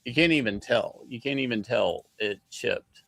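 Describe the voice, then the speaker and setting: A man's voice: mid-range voice, expressive, normal speed, vocal fry, fairly bright tone, no echo. A man chatting as a guest on a casual livestream, blunt and profane, talking matter-of-factly about his work. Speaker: guest artist.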